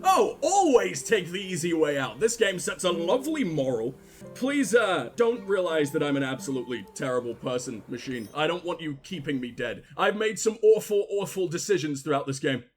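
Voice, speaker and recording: Sardonic man, lively high voice. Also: moderate pace, soft background music. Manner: sardonic, crude, rambling jokes. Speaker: gaming streamer. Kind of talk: let's play commentary.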